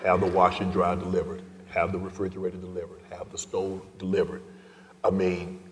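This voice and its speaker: Deep-voiced man telling a moving story. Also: completely flat delivery, fairly quick. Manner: emotional, swings from loud to hushed whispers. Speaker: guest speaker. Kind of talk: personal storytelling speech. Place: large event hall. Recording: long reverb of a large hall.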